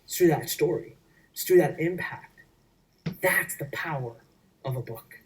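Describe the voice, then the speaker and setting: A man presenting a workshop, giving an energetic sales pitch in an emphatic, repetitive way. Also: a little slow, slightly rough, recorded from a distance, low-quality recording. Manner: emphatic, repetitive, acts out quoted voices.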